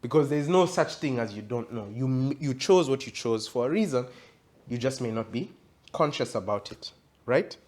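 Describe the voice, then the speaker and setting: A man's voice: mid-range voice, lively intonation, normal speed, darkish tone. A male pastor giving an interactive Bible teaching, reading scripture aloud and quizzing his audience in a conversational way that rises to emphatic.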